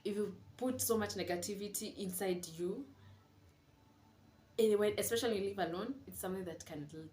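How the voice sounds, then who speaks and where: In an echoey room at home with a little ambient noise, a young woman confides in her camera during a casual vlog, reflecting aloud and dropping in Swahili words. Her mid-range voice is a little mellow and moves slightly fast.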